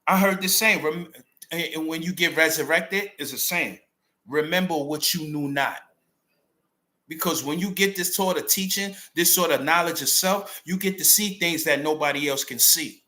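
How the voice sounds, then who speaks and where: Preachy street-talking man with a bright voice. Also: a little high, moderate pace. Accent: New York. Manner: street slang, emphatic, preachy. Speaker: channel host. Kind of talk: unscripted commentary monologue.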